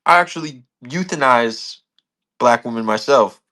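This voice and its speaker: A man's voice: medium pitch, expressive, unhurried, bright, forceful tone. A man calling into a talk show, protesting and complaining about being muted. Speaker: caller. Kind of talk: heated call-in argument.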